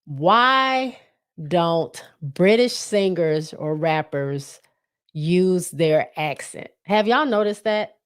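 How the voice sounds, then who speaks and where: Low-voiced woman hosting a casual podcast. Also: expressive, very slow, clear, resonant tone. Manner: chatty, loose, many fillers and restarts. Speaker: podcast host. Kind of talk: casual solo podcast chat.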